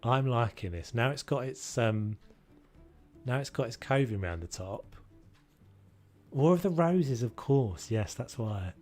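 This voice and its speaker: A British streamer chats casually to his viewers while he plays, rambling from one thought to the next over soft background music. His medium-pitched voice is animated, a little slow, and a little mellow in this gaming livestream commentary.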